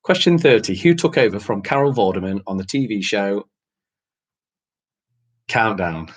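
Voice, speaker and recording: A man's voice: on the low side, moderate pace, breathy edge. A man hosting an online quiz night, reading out questions and answers in a casual, chatty way with frequent laughs. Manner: casual, chatty, laughs often, mild swearing. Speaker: quiz host.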